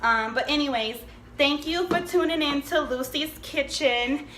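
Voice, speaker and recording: A woman's voice: high voice, measured pace, a bit bright. A woman playing a brash, gossipy cooking-show host from New Jersey, who rambles, swears and keeps calling her viewers honey. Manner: chatty, rambling, profane, calls viewers honey. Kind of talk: comedic cooking sketch. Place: home kitchen. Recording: echoey room with faint background noise.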